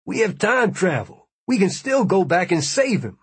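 A man's voice: high-pitched, very animated, normal speed, breathy edge, voice pushed up, exaggerated voice. A man reading easygoing gamer Tyler. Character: young man, easygoing gamer who explains.

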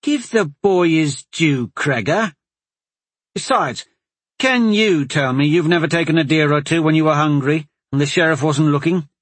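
A man's voice: a little high, moderate pace, dry recording, voice pushed up, natural voice. Man voicing a hearty teasing woman soldier. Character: gruff friendly woman soldier.

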